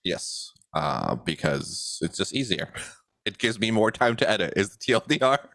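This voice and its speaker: A young man co-hosting a podcast in a relaxed, chuckling chat full of fillers. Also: fairly low pitch, moderate pace, creaky, no echo. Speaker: podcast co-host and editor.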